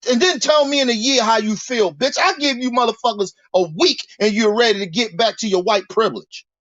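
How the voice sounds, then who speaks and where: High-voiced guy ranting hard, swearing a lot, dry muffled sound. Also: a little fast, fairly bright tone, no echo. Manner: angry, profane, preachy, repeats words. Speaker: commentator. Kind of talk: heated monologue rant.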